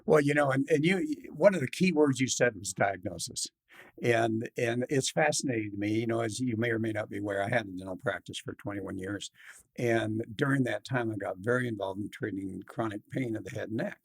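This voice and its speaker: A middle-aged man hosting a podcast interview, talking in an animated way and acting out quoted patients. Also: on the low side, fairly quick, vocal fry, slightly rough. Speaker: podcast host. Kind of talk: casual interview talk.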